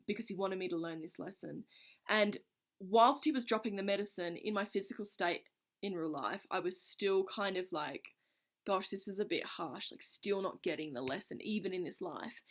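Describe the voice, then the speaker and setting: A woman vlogger casually telling a personal story to camera in an earnest, reflective way, her phrases running on loosely with many fillers. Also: fairly low pitch.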